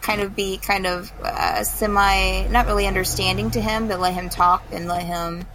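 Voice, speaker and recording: A podcast co-host with a medium-pitched, steady-toned voice rambles casually about a video game at a moderate pace, acting out the characters' lines. She uses lots of fillers and acted-out quotes, with background noise behind her.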